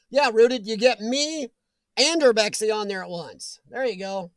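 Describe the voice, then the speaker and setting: A man's voice: sits high, slow pace, no room sound. A man hosting a casual livestream, reading viewer comments aloud, joking and laughing often. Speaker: livestream host reading chat. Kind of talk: casual chat.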